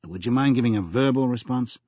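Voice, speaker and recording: A man's voice: medium pitch, brisk, warm tone, no echo, muffled recording, lightly acted. A man voicing a skeptical male police lieutenant who asks terse, pressing questions.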